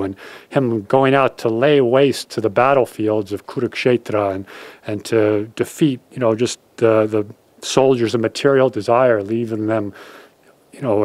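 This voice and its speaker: A man's voice: mid-range voice, no room sound. A man giving a spiritual talk, telling a parable as an earnest storyteller who chuckles at his own tale. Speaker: spiritual speaker.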